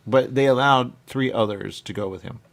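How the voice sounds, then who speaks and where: A man's voice: mid-range voice, moderate pace, vocal fry. A man hosting a talk radio show, chatting casually in a rambling way and often checking in with "okay?". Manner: chatty, keeps saying "okay?" and "there you go".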